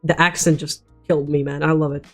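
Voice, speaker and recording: A man's voice: a little high, little pitch movement, a little fast, soft background music. Rambling teenage boy vlogger. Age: teens. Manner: rambling, swears a lot, frequent restarts. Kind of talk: casual personal storytelling.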